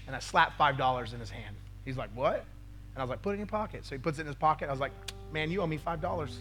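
A man's voice: a little high, lively intonation, rapid-fire, fairly bright tone, faint music behind. A male pastor preaching a sermon, telling a story with acted-out quotes and frequent "right?" asides to the congregation.

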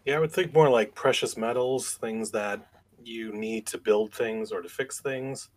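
A man's voice: mid-range voice, measured pace. A man speaking matter-of-factly in a casual group chat.

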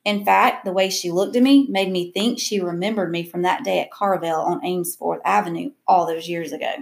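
Woman reading a novel aloud, gravelly. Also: on the low side, steady tone, fairly quick. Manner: casual, with small slips and rereads. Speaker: reader.

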